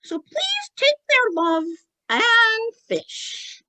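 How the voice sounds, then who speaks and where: A woman voicing an excitable, childlike male spirit who eagerly repeats yes and asks naive questions. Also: very high-pitched, drawn-out words, dry recording, pitched above the performer's own voice, full character voice.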